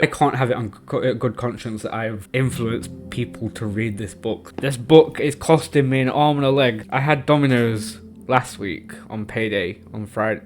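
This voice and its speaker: A young man vlogging casually about a book, rambling and emotional, with nervous laughs. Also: mid-range voice. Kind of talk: casual reading vlog.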